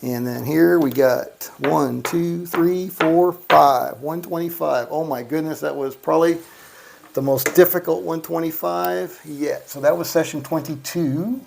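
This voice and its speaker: Calling out dice rolls and muttering mild curses, a gambling vlogger gives casual commentary while playing electronic craps at a casino. His voice is a little high, a little slow, and creaky, with background noise present.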